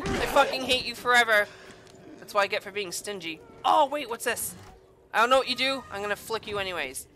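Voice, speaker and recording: A woman's voice: on the high side, lively intonation, a little fast, noisy background. A young woman giving crude, jokey let's play commentary on a horror game, swearing often and yelping when startled. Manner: yelps and shouts when startled. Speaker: gamer playing a horror game.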